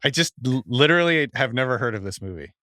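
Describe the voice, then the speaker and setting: A middle-aged man co-hosting a sports podcast in a relaxed, rambling way. His voice is bright and clear. The recording is dry and close. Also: medium pitch, fast, dry recording. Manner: laid-back, laughs often, trails off. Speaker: podcast co-host. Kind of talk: casual sports chat.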